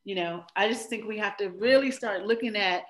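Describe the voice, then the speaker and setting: A woman's voice: medium pitch, a little fast, rough recording. Woman, mid-range voice, reflective, searching for words, video call. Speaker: guest. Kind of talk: casual faith conversation.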